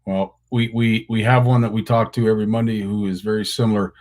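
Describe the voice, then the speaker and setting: A Canadian man with a low voice hosts a live show. He speaks in a relaxed, supportive way and fills his pauses with "uh.". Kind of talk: casual interview chat.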